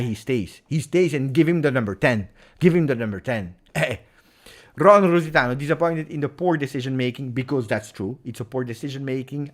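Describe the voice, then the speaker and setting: Agitated man ranting. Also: mid-range voice. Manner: agitated, emphatic, repeats points. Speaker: football channel host. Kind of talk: live post-match reaction stream.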